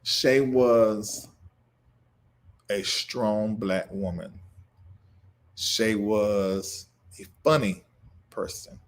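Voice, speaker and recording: Drawing out his words and pausing often, a man with a fairly low voice hosts a livestream. He speaks in an emotional, preacher-like way, laughing through grief, reading viewer comments aloud and greeting the viewers.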